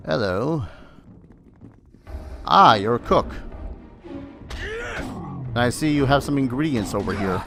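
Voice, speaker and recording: A man's voice: medium pitch, huge pitch swings, slow, vocal fry, pauses often, a bit bright, faint music behind. Chatty man rambling over gameplay. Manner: chatty, rambling asides, dry humor. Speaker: let's play host. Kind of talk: casual gameplay commentary.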